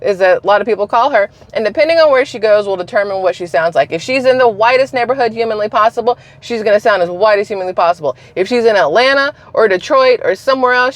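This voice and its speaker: A woman's voice: on the high side, no room sound. A woman hosting a political commentary vlog, talking in a blunt, opinionated, casual way. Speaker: channel host.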